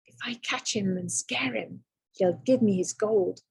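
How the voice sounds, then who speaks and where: A cocky young farm lad bursts out of a read-aloud picture book, a woman putting on his raised, eager voice. The tone sits higher than a plain reading voice, with a husky, gravelly edge. It stays dry and close. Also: sing-song, a little slow, a little mellow, dry recording, exaggerated voice. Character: clever young Irish farm lad, boastful.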